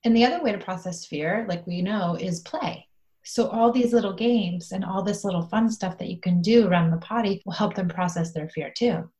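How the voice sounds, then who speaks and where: A woman's voice: mid-range voice, normal speed, mellow. A middle-aged woman co-hosting a parenting podcast, talking in an earnest, encouraging way and now and then acting out playful scenes. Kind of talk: casual advice chat.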